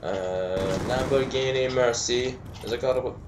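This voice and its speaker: A young man doing live video game commentary, trash-talking, swearing and breaking into yells. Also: mid-range voice, measured pace, background noise. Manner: foul-mouthed trash talk, bursts of yelling. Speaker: gaming commentator. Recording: roomy sound with game gunfire. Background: video game gunfire.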